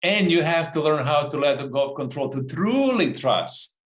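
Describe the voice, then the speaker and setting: A man's voice: on the high side, lively intonation, normal speed, reverberant, rough recording. A man who works as a coach, talking earnestly about a personal experience in a reflective conversation. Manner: earnest, searching, repeats phrases for emphasis.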